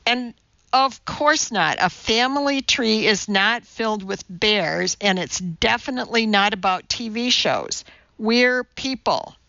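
A woman doing a shrill strict schoolteacher. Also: animated, takes it slowly, dry recording, lo-fi sound. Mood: irritable. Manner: sharp, huffy and shrill when scolding. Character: strict, irritable woman kindergarten teacher.

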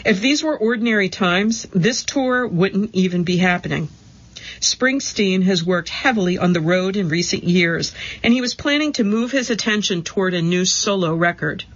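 A woman giving a steady, measured scripted narration of magazine articles. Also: mid-range voice, dull audio.

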